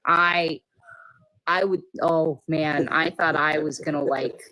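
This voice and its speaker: Woman, low-pitched, rambling conversational storyteller for a radio talk panel. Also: fairly even intonation, takes it slowly, sharp tone, poor audio. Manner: rambling storyteller, heavy on filler "like". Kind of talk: casual chat.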